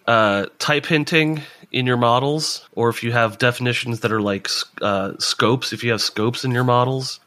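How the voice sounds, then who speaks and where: Stuffy-voiced man, low and bright. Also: no room sound. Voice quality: monotone, stuffy sinus voice. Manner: rambling, with many restarts. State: head cold. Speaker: podcast co-host. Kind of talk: casual tech chat.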